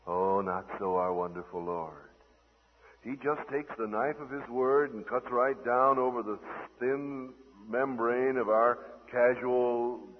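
A man's voice: mid-range voice, husky. Man preaching over old lo-fi radio. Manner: dramatic shifts between loud declaiming and hushed tender asides. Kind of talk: sermon. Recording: old lo-fi radio broadcast in a reverberant hall.

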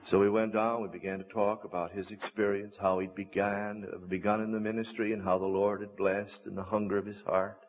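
A man preaching a sermon, telling stories in an earnest, measured and deliberate way. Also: fairly low pitch, steady tone. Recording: dull lo-fi recording.

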